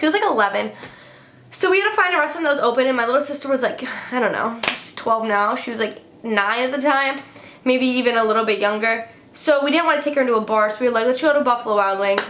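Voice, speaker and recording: A woman's voice: high-pitched, fairly bright tone, reverberant. A young woman from Illinois telling casual storytime tales, full of "like" and swearing. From Illinois, USA. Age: young adult. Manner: chatty, swears a lot, heavy filler "like". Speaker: vlogger.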